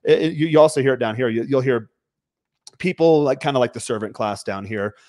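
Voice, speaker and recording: A man in easy livestream conversation, blunt and emphatic, who lets a swear word slip now and then. His voice sits at an ordinary middle pitch. The sound is dry and close, with no room echo. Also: a little fast, darkish tone. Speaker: podcast host. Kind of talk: casual livestream chat. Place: home.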